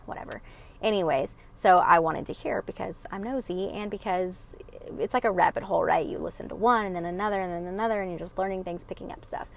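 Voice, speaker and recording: Low gravelly woman chatting to viewers. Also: fast. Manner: rambling, many fillers and restarts, talks to viewers as guys. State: emotional, choking up. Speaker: podcast listener sharing a story. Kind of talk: casual chat.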